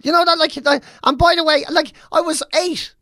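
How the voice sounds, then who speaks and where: A man's voice: extremely high pitch, steady tone, a little fast, pushed and bright, dry recording, studio quality. A man in his forties with a Dublin Irish accent, telling a profane story in casual chat and acting out voices. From Ireland. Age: 40s.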